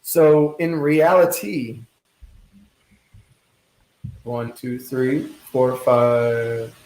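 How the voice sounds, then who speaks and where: A man's voice: mid-range voice, fairly even intonation, extremely slow, a little mellow. A man co-hosting a casual podcast from his kitchen at home, teasing and playful as he runs a trivia game. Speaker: podcast co-host. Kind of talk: casual chat. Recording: echoey kitchen.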